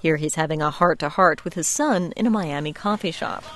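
A woman radio reporter narrating a feature story in a measured, clear way. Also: deep voice.

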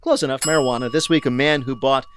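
A man hosting a news quiz, reading questions briskly and landing wry punchlines. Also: medium pitch, steady tone, a little hiss or hum. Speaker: quiz show host.

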